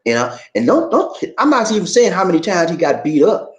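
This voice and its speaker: A man hosting a casual livestream and reading viewer comments, animated and prone to repeating phrases. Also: high voice, brisk, lo-fi sound. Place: home in the Philippines. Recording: echoey room.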